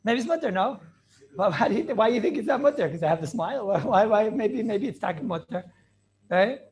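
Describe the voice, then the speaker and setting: A man teaching an animated Torah class over a video call, firing questions and mixing in Hebrew and Yiddish terms. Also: high-pitched, quick pace. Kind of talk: lively online Torah class.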